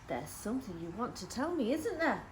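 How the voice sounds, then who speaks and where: A woman voicing a kindly, practical little old lady who speaks softly and gently teases. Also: a little high, sing-song, fairly quick, slight background noise, poor audio. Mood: gentle.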